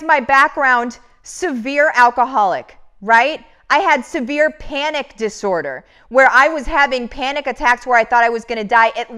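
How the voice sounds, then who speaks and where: A woman business coach gives an earnest motivational talk, often calling her audience "you guys" and rambling with many restarts of her sentences. Her voice is a little high and a bit bright, with a clear, resonant tone.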